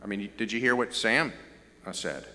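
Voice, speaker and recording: A man's voice: on the low side, lively intonation, normal speed, bright, forceful tone, in a large hall. A middle-aged man with a Southern US accent, preaching a conversational sermon with joking asides. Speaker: pastor.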